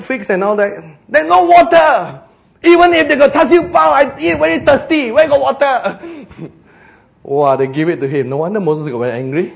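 Preaching in a Singaporean English accent, this man has a very high, creaky voice. His manner is animated and playful, and he draws out his words for emphasis.

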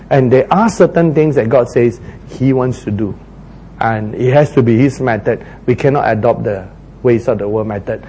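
A man's voice: mid-range voice, mellow, slightly rough, poor audio. A man preaching a sermon, retelling scripture in an earnest, repetitive way.

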